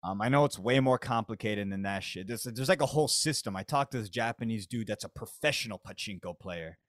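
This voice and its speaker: A man's voice: lowish voice, fairly quick, a bit bright, no room sound, clean studio sound. An American man hosting a podcast, telling a comedic story in slangy, profane, laid-back talk. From United States. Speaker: podcast host.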